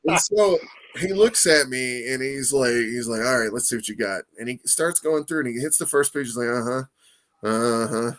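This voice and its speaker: A man telling a story in a casual interview, animated and profane, acting out quoted voices and laughing often. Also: medium pitch, moderate pace. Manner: animated, profane, lots of "you know what I mean". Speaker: comic artist guest.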